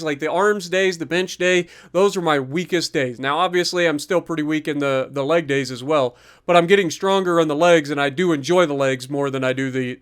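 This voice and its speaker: High, smooth-voiced man giving casual workout commentary. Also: fairly bright tone. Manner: chatty, upbeat, talks to viewers directly. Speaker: fitness vlogger.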